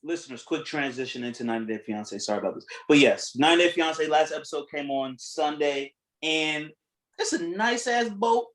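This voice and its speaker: A man co-hosting a podcast, chatting casually, animated and profane, laughing as he tells stories. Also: fairly high pitch, fairly quick, roomy sound, low-quality recording. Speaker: podcast co-host. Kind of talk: casual chat.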